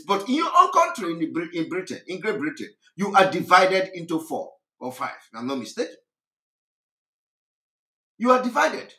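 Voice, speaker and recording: His voice is high, pushed and bright, with large swings in pitch and a moderate pace. A political activist broadcaster from southeastern Nigeria, he speaks with a Nigerian accent in a passionate political monologue, fiery and mocking, laughing between points, with the room's echo audible.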